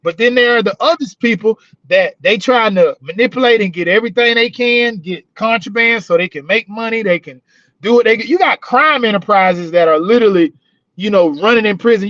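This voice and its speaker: High-voiced male co-host, rambling and profane, dry dull audio; casual storyteller, prison-work talk. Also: a little fast, fairly bright tone, dry recording. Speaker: podcast co-host, former corrections officer. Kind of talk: casual chat.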